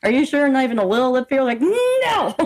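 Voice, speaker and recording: A woman's voice: high-pitched, rapid-fire, a little mellow, low-quality recording. A woman in her twenties co-hosting a podcast, telling rambling stories in casual chat and laughing often. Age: 20s. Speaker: podcast co-host.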